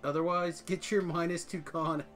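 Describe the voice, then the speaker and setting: A young man streaming a game, joking excitedly with friends, loud one moment and mumbling the next. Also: on the high side, moderate pace, soft background music. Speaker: live streamer. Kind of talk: casual stream chat during gameplay.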